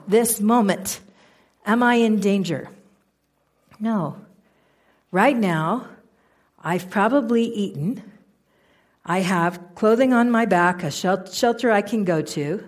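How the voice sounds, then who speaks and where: Expressive woman giving a motivational talk. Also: medium pitch. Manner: expressive, asks the audience questions, acts out inner voices. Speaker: speaker. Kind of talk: motivational talk to a live audience.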